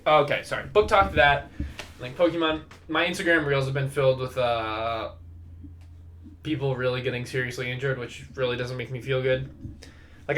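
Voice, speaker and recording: A man's voice: mid-range voice, fairly bright tone, slight background noise. A young man hosting his own podcast, talking casually and rambling with lots of swearing and laughter. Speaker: podcast host. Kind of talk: casual solo podcast chat.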